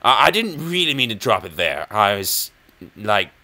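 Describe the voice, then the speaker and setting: A young man giving rambling, self-mocking chess commentary, jokey and erratic, with sudden loud outbursts. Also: on the low side, very animated, normal speed.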